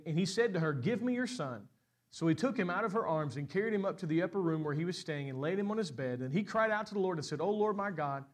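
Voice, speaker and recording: High-voiced pastor preaching hard. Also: male voice. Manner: preaching that builds to loud, high-pitched peaks; repeats and restarts words when speaking fast. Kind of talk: sermon.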